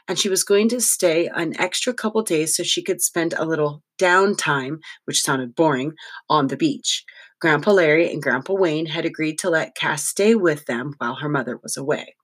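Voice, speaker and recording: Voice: mid-range voice, a bit bright, breathy edge. Wry audiobook narrator.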